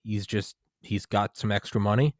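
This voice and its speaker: A man's voice: fairly low pitch, fairly even intonation, normal speed, no echo, studio quality. A young man hosting a podcast, telling a story casually with lots of swearing, and quoting himself and others. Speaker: podcast host. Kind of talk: casual conversation.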